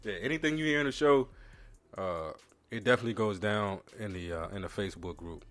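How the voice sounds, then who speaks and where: Teasing, lower-voiced podcast co-host man. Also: brisk, fairly bright tone. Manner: teasing, plugs the show, slangy. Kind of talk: casual podcast chat.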